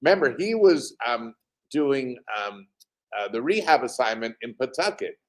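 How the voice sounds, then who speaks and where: Over a remote call, a team president tells animated anecdotes as an interview guest, often pausing with fillers. His pitch is medium.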